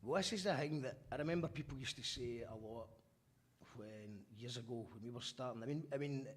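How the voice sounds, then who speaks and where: A man's voice: medium pitch, fairly quick, husky. A man with a Glaswegian accent hosting a casual live-stream interview, chatty and loose with the odd swear word. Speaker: radio host. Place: abroad, streaming live remotely.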